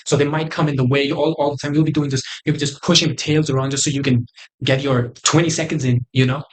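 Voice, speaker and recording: A man's voice: on the high side, flat delivery, quick pace. Crude young man ranting comedically. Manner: crude, boastful, rambling with sudden loud outbursts. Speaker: host. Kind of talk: comedic tier list commentary.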